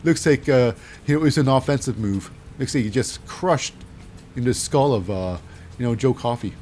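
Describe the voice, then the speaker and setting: A man's voice: medium pitch, moderate pace, a little mellow, a little hiss or hum. A man casually recapping wrestling matches in a rambling, wry way with lots of fillers.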